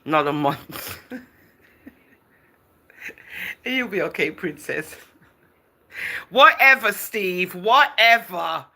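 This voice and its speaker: A woman chatting live on her stream and answering viewer comments in a teasing, easygoing way. Her voice is bright and clear, and her pitch jumps around a great deal as she talks. She calls viewers darling and girl and laughs often. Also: lively intonation, extremely slow, pauses often. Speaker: livestream host. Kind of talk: casual livestream chat, reading out viewer comments.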